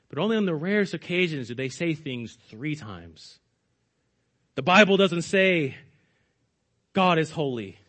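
A man preaching a sermon as pastor, emphatic, often addressing his listeners as saints and dropping low on key words. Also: a bit bright.

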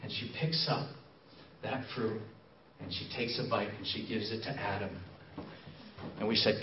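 A man giving an animated storytelling sermon as a missionary guest speaker, acting out dialogue as he goes. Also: lowish voice, a little slow, long pauses, a little hiss or hum. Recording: echoey hall from far off, dull.

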